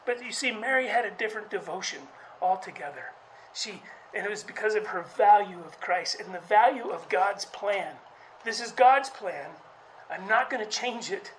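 Preacher talking through a sermon, chatty and halting, repeats words, livens up on quotes. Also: expressive, a little hiss or hum, poor audio. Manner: conversational, halting delivery with frequent restarts; acts out quoted speech with raised pitch.

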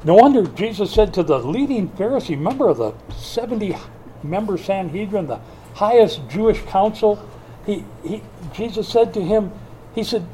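Older preacher man with a mellow voice. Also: sits high, moderate pace, a little hiss or hum. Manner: lively preaching with sudden loud bursts and hushed asides. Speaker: pastor. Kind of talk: sermon.

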